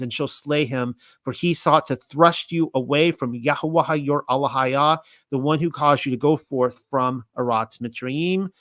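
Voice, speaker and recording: A man with a slightly high voice gives an informal scripture teaching, reading passages aloud and breaking in with his own comments. He talks with excitable passion. The sound is dry and close, with no room echo. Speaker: Bible teacher.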